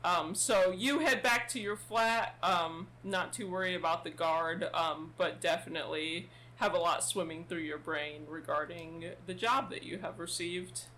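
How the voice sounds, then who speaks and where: A woman narrating as game master in a tabletop game, relaxed and filling her speech with ums. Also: on the low side, measured pace, few pauses, a little hiss or hum. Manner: relaxed, with many fillers and laughs.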